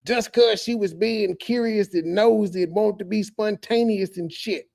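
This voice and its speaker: A man's voice: high voice, normal speed, gravelly, darkish tone. Man ranting profanely at a chatter. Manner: heated, preachy, addresses a chatter directly. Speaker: streamer reacting to clips. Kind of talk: profane casual rant.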